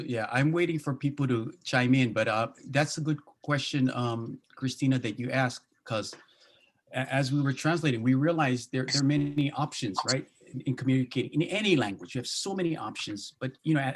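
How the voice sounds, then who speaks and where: A pastor from Hawaii with a Hawaiian Pidgin accent, talking easygoingly in a casual panel discussion over a video call and slipping into Pidgin phrasing. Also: male voice, medium pitch, moderate pace, slight background noise. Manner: easygoing, slips into Pidgin phrasing, many restarts. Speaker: pastor and Bible translator.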